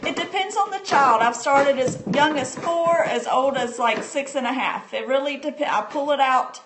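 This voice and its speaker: Mom doing a casual home live stream, high voice, lots of um and like, roomy echo. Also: female voice, moderate pace. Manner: chatty, answers viewer comments, frequent fillers and restarts. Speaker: homeschooling parent demonstrating a reading book. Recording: echoey room with faint background noise.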